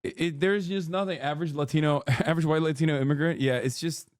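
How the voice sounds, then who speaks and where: A man's voice: a little high, fairly even intonation, fast, no echo, studio quality. A man streaming as he reacts to a video, ranting in a heated, sarcastic and profane way. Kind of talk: casual reaction commentary.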